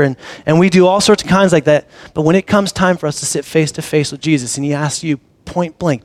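A man preaching in a relaxed, conversational way, his voice sitting a little high for a man. He tells the story with animation and sometimes drops into a quiet, close tone. The sound is dry, with no room echo. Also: brisk. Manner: drops to a soft, intimate low voice. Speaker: pastor. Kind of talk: sermon.

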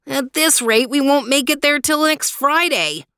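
A whiny young male dog , as a woman reading a storybook puts him on. His voice sits well above the reader's own low pitch and comes out complaining. The recording is dry and close. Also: very animated, normal speed, pushed and bright, no room sound. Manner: whining.

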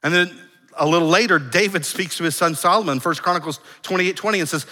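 A middle-aged man preaching a sermon as pastor, earnest, moving from raised emphasis to hushed, soft lines and often restarting his phrases. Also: sits high, fast. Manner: repeats words and restarts phrases. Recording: long hall reverb.

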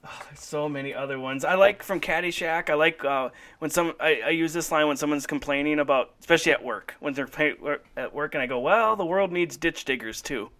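A man co-hosting a casual chat, animated and quick to laugh while reciting movie lines. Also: on the high side. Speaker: podcast co-host.

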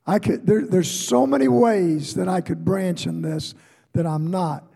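A slow, high-pitched male preacher delivers a sermon with a gravelly, husky edge. He climbs into shouted peaks, then sinks to near-whispered asides. His voice rings with the long reverb of a large hall. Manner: swings from shouted high rises to hushed low asides. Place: church before a congregation.

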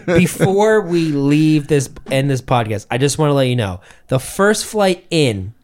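A man's voice: fairly high pitch, measured pace, slight background noise. A young man from Massachusetts, co-hosting a podcast and telling stories casually with lots of swearing. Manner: profane, animated storytelling. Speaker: podcast co-host.

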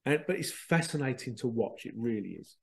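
A man, a spiritual medium hosting a show, telling stories in a chatty, animated way with laughter and the odd swear. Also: medium pitch, fairly quick, vocal fry. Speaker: spiritual medium and podcast host. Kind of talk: casual storytelling.

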